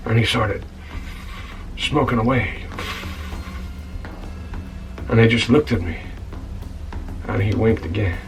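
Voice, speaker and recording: A man's voice: on the low side, recorded from a distance, a little hiss or hum, natural voice, low-quality recording. A man playing a rambling, put-upon scoundrel barkeep. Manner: rambling, indignant storytelling with stammered restarts, calling the listener "son". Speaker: title character of a comedy-drama web series. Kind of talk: comic monologue. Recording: voice a bit off-mic, with music behind.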